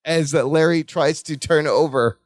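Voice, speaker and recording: A man's voice: on the high side, normal speed, dry recording, clean studio sound. A man co-hosting a podcast, retelling a sitcom episode in casual chat and acting out the characters' lines. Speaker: podcast co-host.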